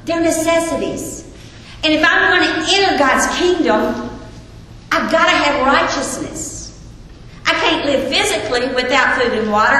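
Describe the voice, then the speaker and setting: A woman gives an earnest Bible lesson, often turning questions back to her listeners. Her voice sits high and sounds bright. It rings out through a large hall with a long, lingering echo. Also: slight background noise. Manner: earnest, asks the audience questions. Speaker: Bible teacher. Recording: echoey hall with long reverb, faint ambience.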